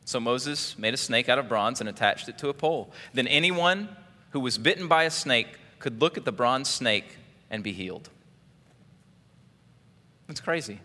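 A male pastor preaching with a bright, forceful voice and an animated delivery, often putting questions to the congregation. His words ring out with a long hall reverb. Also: mid-range voice, moderate pace, pauses often. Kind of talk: sermon.

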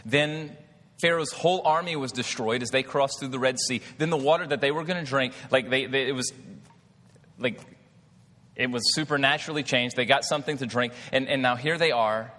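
A man's voice: mid-range voice, brisk, pushed and bright, long reverb tail. A man preaching a sermon in a conversational way, asking the crowd questions and leaning on "like" as a filler. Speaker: pastor.

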